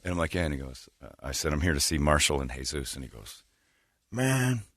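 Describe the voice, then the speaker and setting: A man's voice: very deep voice, fast talker, fairly bright tone, dry recording, studio quality. A middle-aged man hosting a morning radio show, rambling through stories with crude jokes. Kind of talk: casual morning radio banter.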